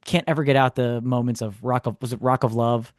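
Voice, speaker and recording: A man, co-hosting a podcast, telling a story in a casual, animated way with sarcastic asides. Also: mid-range voice, a little fast, dry recording, studio quality. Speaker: podcast co-host. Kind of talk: casual chat.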